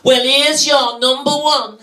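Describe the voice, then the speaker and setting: A man impersonating a cheery middle-aged female dating-show hostess, with chirpy, drawn-out introductions. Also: very high voice, steady tone, sharp tone, full character voice.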